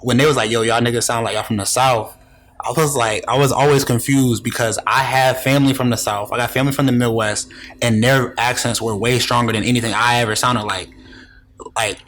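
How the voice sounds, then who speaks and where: A man's voice: medium pitch, a little fast, a bit bright. A man in his twenties from Rochester, New York, speaking earnestly as a podcast guest in casual chat.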